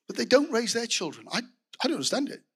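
Middle-aged male preacher, high and forceful, rambling anecdotal sermon with asides to the room. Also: very animated, fast talker, slightly rough. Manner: storytelling with frequent restarts and asides to the congregation.

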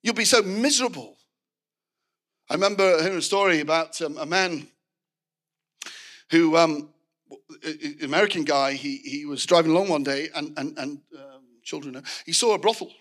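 Middle-aged male preacher, high and forceful, rambling anecdotal sermon with asides to the room. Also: moderate pace. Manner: storytelling with frequent restarts and asides to the congregation.

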